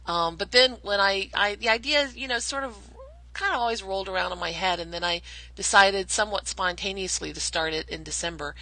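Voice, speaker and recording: Bright, enthusiastic woman hosting a podcast. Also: mid-range voice, brisk, low-quality recording. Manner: enthusiastic, chatty, many restarts and fillers. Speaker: podcast host. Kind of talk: casual podcast interview.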